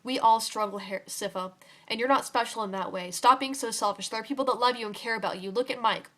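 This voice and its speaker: A young woman reading aloud does a fussing, motherly older lady with a slightly high voice. She scolds gently and calls everyone sugar, like a prim grandmother in a spoken story. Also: fast, natural voice. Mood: soothing.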